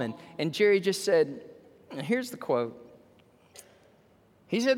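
A male pastor preaches in a church sanctuary, weaving a story into his sermon. His voice is fairly high and very lively, swinging from loud bursts to quiet asides. A long hall reverb trails every phrase. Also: slow, long pauses. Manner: animated, swinging between loud and hushed.

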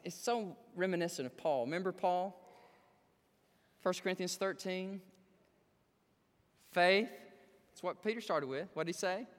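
A man's voice: sits high, long reverb tail. A man preaching a sermon to his congregation, repeating words and talking straight to the people in the pews. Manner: animated preaching with repetitions and asides to the congregation. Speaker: pastor. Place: church sanctuary.

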